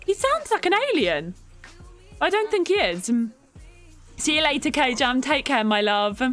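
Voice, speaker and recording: With a very animated, high-pitched and fairly bright voice, a young woman plays a game on stream at an unhurried pace. She chats casually, reacts to what happens and calls out viewers by name to thank them as faint music plays.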